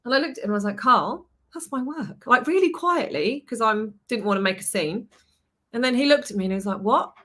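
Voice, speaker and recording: A woman hosting a podcast, telling a story in a lively, chatty way, swearing and acting out what people said. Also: a little high, fast. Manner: animated storytelling, swears, acts out quotes. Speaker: podcast host. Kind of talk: casual chat.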